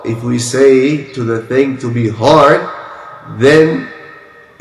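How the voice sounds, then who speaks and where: A man teaching Quran recitation at a slow, unhurried pace, his voice sitting in the middle range. He explains each sound patiently and repeats it several times to demonstrate. The recording has a noticeably echoey room sound. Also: medium pitch. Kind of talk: pronunciation lesson.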